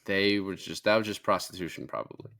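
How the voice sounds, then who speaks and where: A man's voice: deep voice, brisk, vocal fry, fairly bright tone. A young man co-hosting a casual film review podcast, retelling scenes with lots of swearing and fillers. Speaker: podcast co-host.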